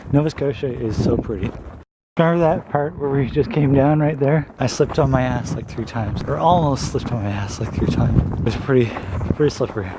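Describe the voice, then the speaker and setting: A young man chats to his handheld camera in a loose, rambling daily vlog, laughing as he goes. His voice sits at an everyday middle pitch, and clear hiss runs under the camera audio. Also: fairly quick. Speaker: daily vlogger. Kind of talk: casual vlog chat. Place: outdoors on an icy winter trail, then indoors at home.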